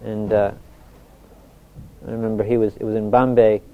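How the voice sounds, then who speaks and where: A soft-spoken older man, a spiritual teacher telling anecdotes in a reflective talk, often restarting his sentences. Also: lowish voice, flat delivery, moderate pace. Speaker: spiritual teacher answering questions. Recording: dull lo-fi recording.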